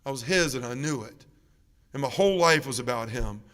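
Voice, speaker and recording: A man giving an earnest, emotional faith testimony at a parish mission, dropping soft and low in the heavy moments. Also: lively intonation, fairly quick. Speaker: guest speaker at a parish mission. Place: church. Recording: reverberant church sanctuary.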